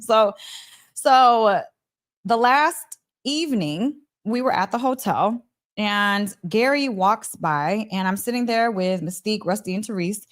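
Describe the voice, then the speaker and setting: A young adult woman telling a personal story to camera in a casual vlog, animated and laughing often. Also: medium pitch, normal speed. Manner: animated, laughs often, acts out quoted voices. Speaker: vlogger.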